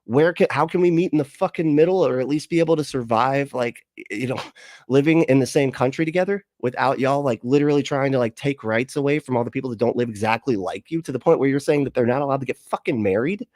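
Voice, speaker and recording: A man's voice: medium pitch, fast, darkish tone, dry recording. A man ranting and laughing through live reaction commentary, profane and exasperated, on a close mic. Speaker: commentary streamer.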